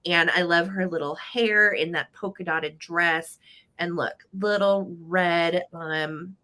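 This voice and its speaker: Chatty female co-host, bright and forceful tone, lowish pitch. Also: steady tone, takes it slowly. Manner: chatty, enthusiastic, describes items warmly. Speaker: live sale co-host. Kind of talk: live sale product chat.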